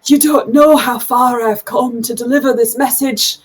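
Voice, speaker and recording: A woman's voice: fairly even intonation, moderate pace, husky. A woman voicing an exhausted, frantic male halfling messenger in a tabletop game, pleading in a raised voice. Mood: urgent. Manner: pleading, high-pitched and shouting.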